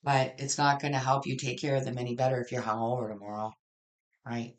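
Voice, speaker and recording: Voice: mid-range voice, flat delivery, fast talker. A tarot reader giving a casual general reading, frank and blunt, swearing freely and rambling through restarts.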